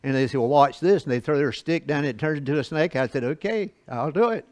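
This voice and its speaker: A man's voice: fairly high pitch, no echo. Folksy man teaching a Bible lesson. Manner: folksy, reads scripture slowly then explains with asides and chuckles.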